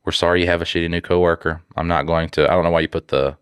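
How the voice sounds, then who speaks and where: A man with a stuffed-up nose talks in a deep, low register, sarcastic and joking as he reads out listener mail. The sound is close and dry, with no room around it. It comes across as loose podcast banter. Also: fairly even intonation, very fast, clear, resonant tone, no room sound. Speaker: podcast co-host.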